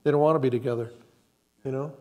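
An older man sharing a sermon in a church, calm and reflective, telling a personal story with halting restarts. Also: medium pitch. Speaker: co-pastor. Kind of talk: conversational sermon. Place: church sanctuary.

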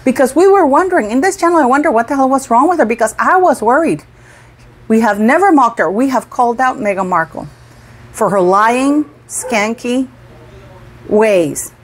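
A middle-aged woman with a slightly high voice delivers casual opinion commentary to her channel's viewers. She sounds indignant and emphatic and often repeats a word to drive her point home. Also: slightly rough.

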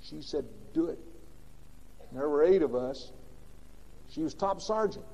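A man preaching from the pulpit, his high-pitched voice carrying a mellow, warm tone. He swings between loud, punchy bursts and hushed, low asides. The old recording is dull and lo-fi, with a long reverb from a large sanctuary. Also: lively intonation, normal speed, vocal fry. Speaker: pastor. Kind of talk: sermon.

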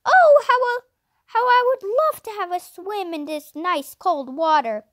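An earnest older boy in a storybook, telling about his day in a steady, matter-of-fact way, as a woman reads him. The voice sits high and lively, recorded dry and close. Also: normal speed, no room sound. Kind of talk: storybook reading.

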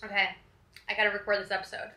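Young woman vlogger, casual chatty to-camera talk, self-deprecating, mid pitch, light background hiss. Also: completely flat delivery, very fast, sharp tone. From Connecticut. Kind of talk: casual vlog chat. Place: hotel room in bed and out in a city. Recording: faint background noise.

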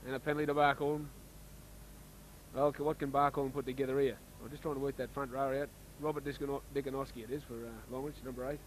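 An Australian man giving casual, chatty commentary on a local rugby league match, getting excited when play heats up. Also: medium pitch, fast, slight background noise, rough recording.

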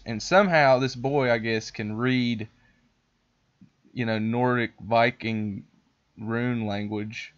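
Casting: a casual male podcast host, middle pitch, cursing storyteller, lo-fi sound. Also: takes it slowly. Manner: rambling, profane, animated.

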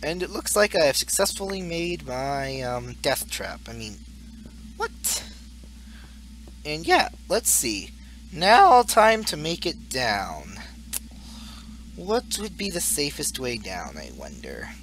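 Young male gaming YouTuber, slow and singsong, giggly, rambling commentary over faint noise. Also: fairly high pitch, huge pitch swings, fairly bright tone. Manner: rambling, goofy, laughs at his own jokes. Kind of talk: casual Let's Play commentary.

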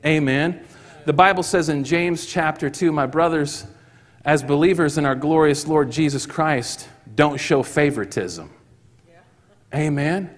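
A man preaching a sermon in church, telling a story and acting out the voices of the people in it with rising excitement. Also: fairly high pitch, measured pace. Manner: acts out quoted voices, rising to excited shouts. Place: church hall. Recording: long hall reverb.

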